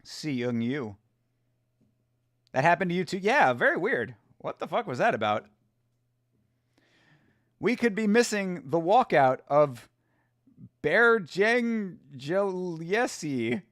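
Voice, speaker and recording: This streamer's high, fairly bright voice swings widely in pitch, and he speaks slowly with long pauses. He hosts a fight watch-along, talking loosely to chat with lots of jokes and swearing. The audio is studio quality with no room sound.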